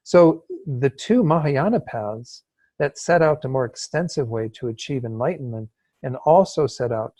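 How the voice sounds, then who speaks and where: Relaxed man teaching an online class. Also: medium pitch, normal speed, dry recording. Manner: relaxed, explanatory, with frequent fillers and laughs. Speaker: Buddhist study teacher. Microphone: video call.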